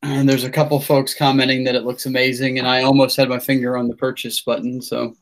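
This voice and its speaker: A man's voice: mid-range voice, little pitch movement, fast talker. A man hosting a casual podcast, rambling with many fillers and restarts. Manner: rambling, filler-heavy, self-deprecating. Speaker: podcast host. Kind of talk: casual podcast sign-off chat.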